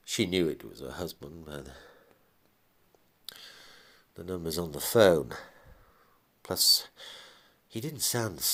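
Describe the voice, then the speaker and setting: A man with a very low voice reads his own story aloud. He narrates plainly, pausing and restarting phrases as he goes. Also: a bit bright.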